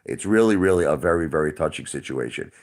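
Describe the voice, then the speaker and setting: A man in his forties, livestreaming and answering his chat defensively. His voice sits very low but swings widely up and down as he pleads his case. He repeats himself over and over and keeps calling the viewers brother. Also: animated, fast talker, a little mellow. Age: 40s. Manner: defensive, repetitive, keeps addressing chatters as brother.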